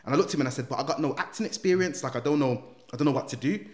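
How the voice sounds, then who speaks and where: A man tells his story in an animated way, slipping in street slang and doing the other people's lines himself. His voice sits at a middle pitch, and the sound carries an echoey room around it. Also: racing. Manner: animated storyteller who acts out quoted dialogue, street slang. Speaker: guest, former gang member turned motivational speaker. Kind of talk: casual storytelling interview.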